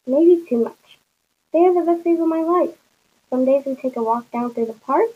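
A woman's voice: high-pitched, dark tone, husky, dull audio. A woman reading a first-person story aloud in a plain storybook manner, slipping into small voices for the dialogue. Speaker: narrator.

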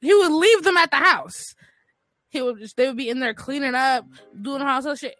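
Blunt bright-voiced woman co-host. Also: high voice, fairly quick, dry recording, soft background music. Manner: blunt, candid storytelling with slang and profanity. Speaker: podcast co-host. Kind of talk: casual chat.

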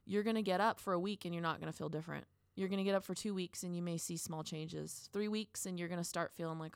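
A woman's voice: on the low side, steady tone, fast talker, few pauses, clear, resonant tone, dry recording, clean studio sound. A woman in her thirties co-hosting a podcast, talking earnestly and encouragingly in long casual runs. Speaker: podcast co-host.

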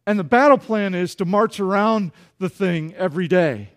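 A man preaching a sermon, animated, acting out voices in the story and joking with the congregation. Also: sits high, moderate pace. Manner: animated, acts out dialogue, jokes with congregation. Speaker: pastor.

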